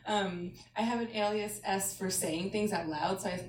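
A woman's voice: medium pitch, normal speed, few pauses. A woman co-hosting a casual tech chat, upbeat and playful. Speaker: co-host. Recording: roomy, distant mic, faint background hum.

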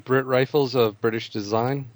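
A man at a tabletop game asks questions in a casual, wry way, with a voice of middling pitch. He sounds relaxed and conversational. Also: moderate pace. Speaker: player.

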